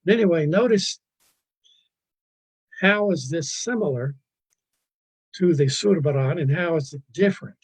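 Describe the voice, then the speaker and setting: A man gives a virtual museum lecture on paintings, his voice slightly high-pitched with a husky edge. He drifts into side stories, stumbles over restarts and pokes fun at his own disorganization. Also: animated, unhurried, long pauses, poor audio. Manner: digressive, self-deprecating, stumbling restarts. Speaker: art lecturer. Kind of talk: virtual museum art talk.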